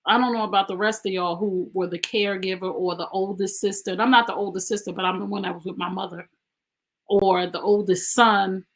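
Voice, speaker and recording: A woman's voice: medium pitch, fairly even intonation, brisk. Woman, podcast host, emphatic, conversational, personal storytelling. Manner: emphatic, conversational, speaking straight to listeners.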